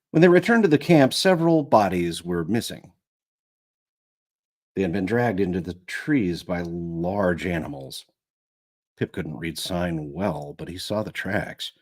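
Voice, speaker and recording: Low-voiced guy reading an audiobook live, really lively up and down, redoes lines when he trips. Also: a little slow. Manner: rereads lines after stumbles. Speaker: audiobook narrator.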